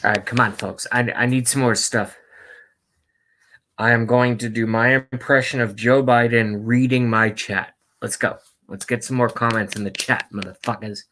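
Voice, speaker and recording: A man's voice: mid-range voice, steady tone, moderate pace, noisy background. A man talking casually to his livestream chat, joking and crude. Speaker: streamer.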